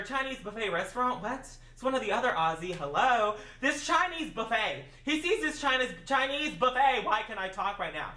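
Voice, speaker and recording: A woman tells a story in a casual, slangy way and mocks herself as she goes. Her voice is high and bright and jumps around a lot. She sits a bit back from the mic in a room that echoes. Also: distant mic. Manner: animated, slangy, self-mocking.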